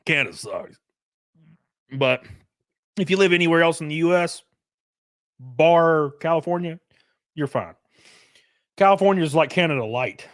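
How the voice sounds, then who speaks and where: A man's voice: a little high, expressive, moderate pace, pauses often, fairly bright tone, no room sound, clean studio sound. A man in his thirties, a live streamer, ranting casually and profanely to his chat with sarcasm. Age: 30s.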